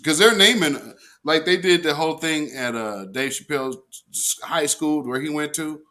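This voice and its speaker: A man's voice: on the high side, normal speed, sharp tone. A man hosting a weekly livestream, chatting casually with viewers, full of slang and fillers, and often breaking into laughter. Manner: slangy, talks straight to viewers. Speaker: host of a weekly livestream show.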